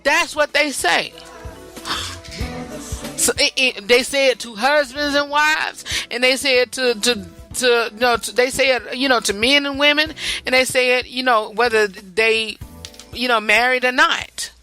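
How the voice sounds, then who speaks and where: Bright-voiced chatty podcast host woman. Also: a little high, fairly even intonation, moderate pace, faint music behind. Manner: chatty, rambling, laughs and repeats herself. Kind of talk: casual talk-show monologue.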